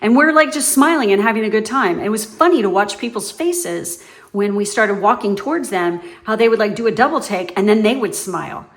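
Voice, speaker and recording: A woman's voice: medium pitch, animated, brisk. A woman giving her viewers a casual, foul-mouthed pep talk as a tarot reader, blunt and emphatic. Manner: blunt and profane, emphatic, swings between loud and soft.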